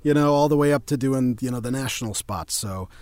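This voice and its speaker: A man's voice: mid-range voice, fairly quick, a little mellow, dry recording. A young man, a voice actor, chatting casually as an interview guest; self-deprecating, laughs easily and slips in and out of voices. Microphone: home studio.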